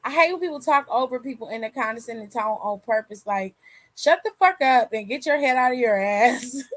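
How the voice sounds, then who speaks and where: Woman, high voice, AAVE, casual livestream host, candid and profane, dry room. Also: lively intonation, fairly quick, dry recording. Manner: candid, swears freely, laughs often. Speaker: aftershow host reading chat.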